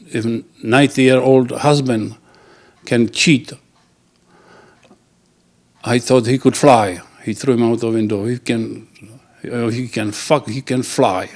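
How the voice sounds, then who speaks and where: Halting man telling dirty jokes. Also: medium pitch, a little mellow. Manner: halting, restarts words, laughs at own punchlines. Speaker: joke teller.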